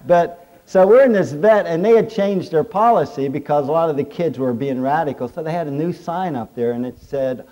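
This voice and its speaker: A middle-aged male preacher with a warm, mellow voice. He delivers his sermon in a folksy storytelling way, working jokes in as he goes. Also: fairly high pitch, moderate pace, few pauses, lo-fi sound. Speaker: pastor. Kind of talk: humorous sermon.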